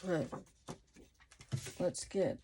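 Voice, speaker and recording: A woman hosting a casual craft tutorial, thinking aloud as she works, her voice going hoarse. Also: heavy background noise. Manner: unhurried, thinking aloud while working. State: losing her voice. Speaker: crafting channel host.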